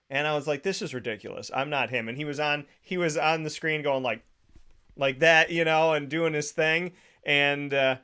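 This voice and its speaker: Guy hosting a chatty podcast, animated storyteller, laughs a lot, average pitch. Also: clear, resonant tone. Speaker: podcast host. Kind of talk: casual chat.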